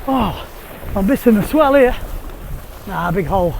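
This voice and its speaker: High-voiced man windsurfing, chatty. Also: measured pace, vocal fry. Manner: chatty, excitable, laughs often. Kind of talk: casual running commentary while riding. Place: outdoors on the sea, windsurfing. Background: wind noise.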